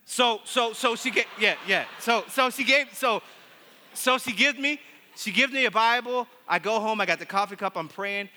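Male preacher giving a testimony sermon: high, piercing voice, halting retelling that builds to emphatic preaching, heard with hall reverb. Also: slight background noise. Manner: storytelling, with many restarts and repeated words; swings from hushed to emphatic preaching. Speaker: pastor.

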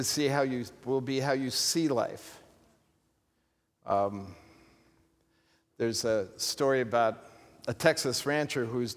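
A man's voice: medium pitch, long reverb tail. A man preaching a sermon in a church, in a conversational style with humorous asides. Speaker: pastor. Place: church sanctuary.

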